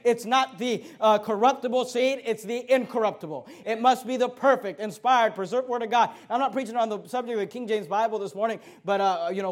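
High-voiced man preaching a sermon. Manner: emphatic preaching, slows down to read verses, quick asides; repeats words and stumbles with fillers. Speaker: pastor.

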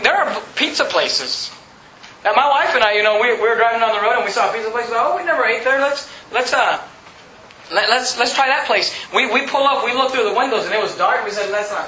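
A man's voice: extremely high pitch, bright, forceful tone, a little hiss or hum. A pastor preaching a sermon emphatically, mocking his listeners with put-on quotes. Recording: roomy, slightly dull recording.

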